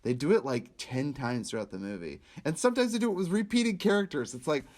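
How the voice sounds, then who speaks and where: A young man with a lively, often laughing way of talking, co-hosting a casual chat about movies. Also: on the high side, fast talker. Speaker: podcast co-host.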